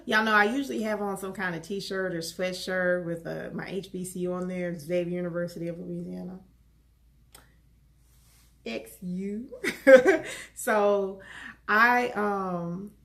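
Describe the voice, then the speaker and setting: A woman vlogging in a casual, animated way, chatting excitedly to her viewers. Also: mid-range voice, creaky. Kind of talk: casual chat to camera.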